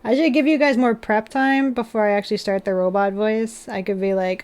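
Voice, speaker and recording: A woman with a slightly high voice chats on a live stream as she builds a model kit. She giggles through her sentences and apologizes to her chat in a playful, self-mocking way. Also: steady tone, fairly quick, darkish tone, clear, resonant tone. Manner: giggly, chatty, laughs often between sentences. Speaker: livestreamer.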